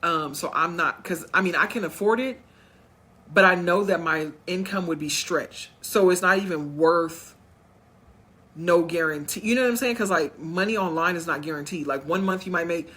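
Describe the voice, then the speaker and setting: A woman's voice: on the low side, normal speed, fairly bright tone, slightly rough. A woman chatting straight to her viewers at home, telling a personal story and acting out what others said. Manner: acts out others' voices in quotes. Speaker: vlogger. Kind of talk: casual storytime vlog.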